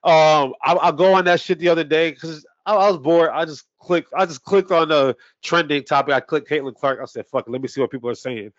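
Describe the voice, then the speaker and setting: Profane ranting man, high voice. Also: a little fast, few pauses, no echo, highs cut off. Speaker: podcast co-host. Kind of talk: casual sports talk.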